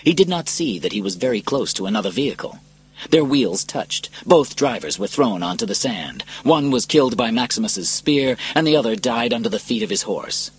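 Male storybook narrator, low husky voice, very expressive pitch, dramatic reading.

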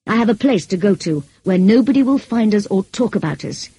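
A woman reading as a brooding passionate gentleman. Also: medium pitch, animated, a little fast, husky, pitched above the performer's own voice, low-quality recording. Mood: intense. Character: brooding passionate middle-aged gentleman, man. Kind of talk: audiobook character reading.

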